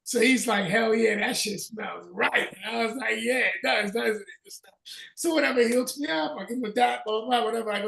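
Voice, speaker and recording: A man with a Northern US accent telling a profane, animated story in casual chat on a video call. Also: high voice, brisk, creaky, roomy sound, recorded from a distance. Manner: profane, animated storyteller who acts out dialogue. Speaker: podcast host.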